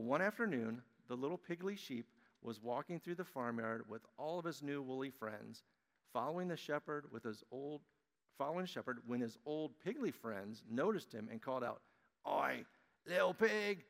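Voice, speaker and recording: A man leads a children's message, telling a picture-book story in a lively, friendly way. His voice sits in an ordinary middle pitch and rings out through the long reverb of a church sanctuary. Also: brisk. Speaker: pastor giving children's message. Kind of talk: children's sermon and storybook reading.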